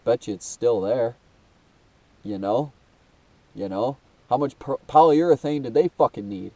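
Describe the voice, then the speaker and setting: Speaking to camera from far off the mic, a young man who hosts his own videos rambles emotionally, swears, calls the listener dude, and keeps restarting with fillers. He has a medium-pitched, darkish voice at a measured pace, with no echo. A blocked nose leaves him struggling to breathe.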